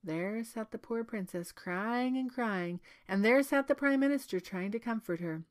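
A woman storyteller reading a storybook aloud in an expressive, lively way. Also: fairly high pitch, normal speed. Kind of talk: read-aloud storybook narration.

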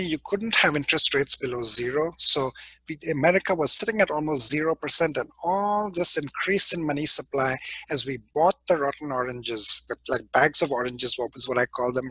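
Animated lecturing man, husky voice. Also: on the high side, dry recording, low-quality recording. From India. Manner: animated, emphatic, acts out quoted people. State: clearing his throat from allergies. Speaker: business school professor. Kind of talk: classroom lecture.

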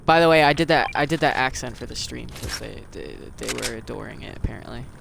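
A man's voice: medium pitch, gravelly. A man live-streaming a video game, chatting casually and teasing his teammates in joking banter. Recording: noisy stream audio.

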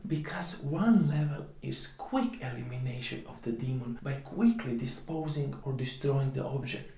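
A man's voice: a little high, dark tone, roomy sound. A man giving a preachy spiritual monologue, emphatic and dropping into whispers between points. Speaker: spiritual teacher.

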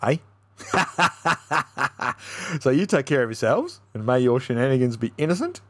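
An Australian man in his young adult years gives a casual beer review, swearing freely and ranting in blunt terms. His voice swings lively up and down in pitch as he talks. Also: a little slow.

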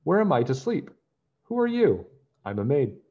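A man's voice: on the high side, very animated, normal speed, breathy edge, narrow, tinny audio, voice pushed up. A man voicing a kind, polite young maid in a children's storybook. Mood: earnest.

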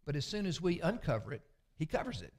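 A man, a pastor preaching a sermon with folksy, confessional storytelling that often sinks to a low murmur. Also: sing-song, fast, darkish tone. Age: 60s.

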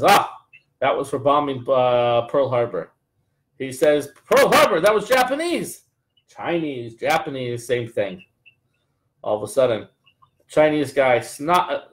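A man's voice: medium pitch, a little mellow, low-quality recording. A man teaching a live Torah class, reading Hebrew lines and then translating them, with frequent restarts and fillers. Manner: reads Hebrew text then translates, many restarts and fillers, jokes aside.

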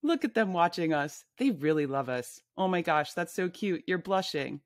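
A woman's voice: fairly low pitch, lively intonation, normal speed, no echo, studio quality, lightly acted. A woman reading her memoir aloud, voicing a brash, blunt woman friend who bosses people around at a bar. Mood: teasing. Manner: pushy, blunt, bossy.

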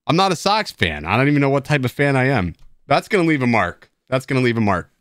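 There's no room sound around this man's sing-song, fairly bright voice, medium in pitch and quick in pace. He hosts a live stream through a headset at his desk, sipping beer and bantering at his own expense in a tipsy, playful, rambling chat with viewers.

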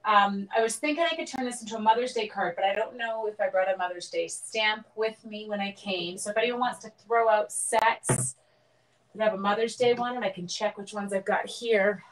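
A woman's voice: medium pitch, fairly quick, low-quality recording. A middle-aged woman casually demonstrating card making on a live stream, chatting and greeting viewers by name as she works.

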